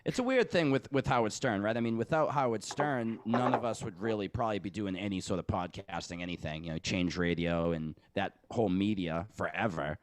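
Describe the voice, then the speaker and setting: A man's voice: fairly low pitch, brisk, hardly any pauses, slight background noise. A man hosting a podcast, talking in rambling, profane casual banter and laughing often. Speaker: podcast host. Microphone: podcast studio mic.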